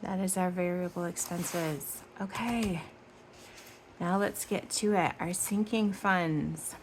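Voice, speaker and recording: Gravelly low-voiced woman vlogging about budgeting. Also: takes it slowly, a little hiss or hum. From Michigan. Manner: chatty and rambling, with tangents and self-corrections. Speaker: budgeting channel host. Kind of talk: casual budgeting vlog, counting cash aloud.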